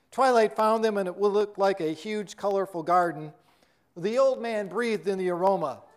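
Higher-voiced preacher telling a story. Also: male voice, clean tone. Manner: earnest storyteller, quotes scripture. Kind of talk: sermon with story narration.

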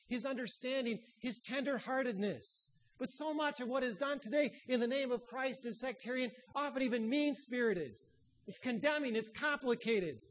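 A man preaching a sermon, telling stories and dropping his voice low and soft for emphasis. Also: poor audio. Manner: storytelling preacher who drops to hushed tones.

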